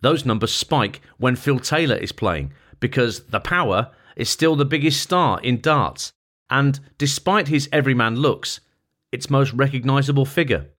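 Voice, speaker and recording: A man narrating a long-form feature article as scripted narration, in a measured, even reading voice. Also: mid-range voice.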